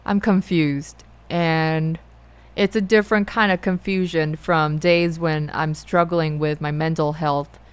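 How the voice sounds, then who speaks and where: A young adult woman talking through her feelings in a personal monologue, halting and often rephrasing herself. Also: sits low, steady tone, clean tone. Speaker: musician and host.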